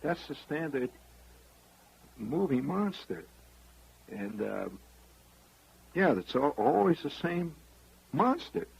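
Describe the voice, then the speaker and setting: A man's voice: a little high, very animated, slow, gravelly, long pauses, breathy edge, poor audio. A man hosting a radio show, spinning a rambling, wry monologue straight to the listener. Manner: rambling storyteller, confiding, wry. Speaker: radio host.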